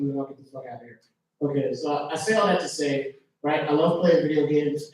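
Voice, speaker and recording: A man's voice: fairly high pitch, a little mellow. A male stand-up comedian doing crowd work in a comedy club, brash and teasing, full of casual slang. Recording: very echoey club from far off.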